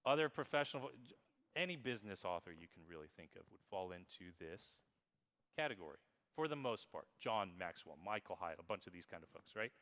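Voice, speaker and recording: A man giving a lively conference keynote on marketing, playful and quizzing the crowd, reading examples aloud in exaggerated voices. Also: deep voice, a little fast. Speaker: keynote speaker. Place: conference hall with audience. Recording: long hall reverb.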